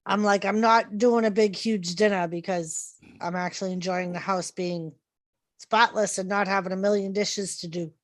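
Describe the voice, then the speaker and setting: A woman's voice: mid-range voice, steady tone, normal speed. A woman who hosts a wrestling show, chatting casually on an online panel about home life. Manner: chatty, homely small talk.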